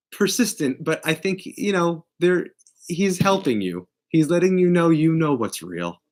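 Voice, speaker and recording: A man giving a casual live tarot reading, blunt and profane, with big swings in pitch and loudness. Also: expressive, unhurried. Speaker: tarot reader.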